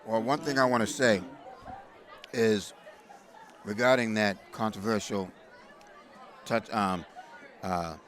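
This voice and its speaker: A man giving casual, hesitant color commentary on a high school football game from the press booth. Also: slow, pauses often. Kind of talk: local sports commentary. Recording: loud crowd and music behind.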